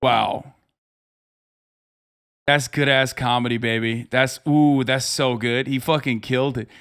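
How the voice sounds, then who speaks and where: A man's voice: mid-range voice, fairly even intonation, measured pace, a bit bright, clear, resonant tone. A man in his thirties hosting a livestream, giving profane, exasperated reaction commentary. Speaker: livestream host.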